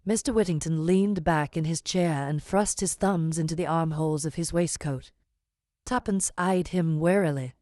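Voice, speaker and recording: A woman reads a classic novel aloud as audiobook narration, calm and even in her storytelling. Her voice is on the low side, and it is recorded on a close mic with a dry, dead sound. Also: moderate pace, dry recording. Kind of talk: scripted narration.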